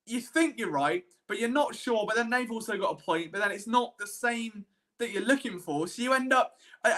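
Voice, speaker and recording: A man with a high, bright, forceful voice hosts a live-streamed sports show. He rambles and circles back on himself with plenty of self-deprecating asides. His analysis comes across as animated, casual and unscripted. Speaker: sports podcast host.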